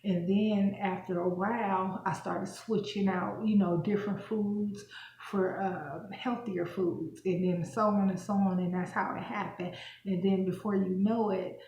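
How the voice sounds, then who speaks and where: A woman's voice: medium pitch, fairly even intonation, a little slow, a little mellow, slight background noise. A young adult woman vlogger telling a personal story in a rambling way, with lots of fillers. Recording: roomy echo.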